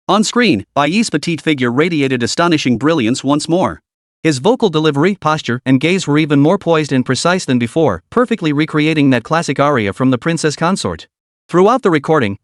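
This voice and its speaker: A man narrating a web novel in an expressive storytelling style. His voice sits a little high and swings widely in pitch. The recording is dry and close. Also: no room sound.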